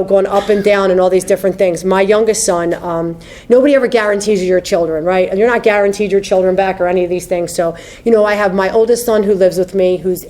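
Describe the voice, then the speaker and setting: A woman's voice: medium pitch, a little mellow. A woman in her thirties telling her recovery story at a meeting, candid and conversational, often adding "you know what I mean". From United States. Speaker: AA speaker sharing her story.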